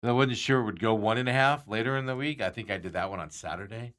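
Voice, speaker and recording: Man, sports talk host, low voice, rambling casual chat, chuckles often. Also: quick pace, a bit bright.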